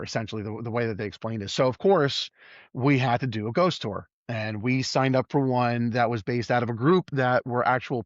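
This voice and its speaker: A man's voice: mid-range voice, no echo. A middle-aged man, an emergency services worker, telling a story in casual conversation and acting out the quoted voices. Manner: animated, acts out quoted voices. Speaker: EMS professional and podcast guest. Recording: dull, dry close recording.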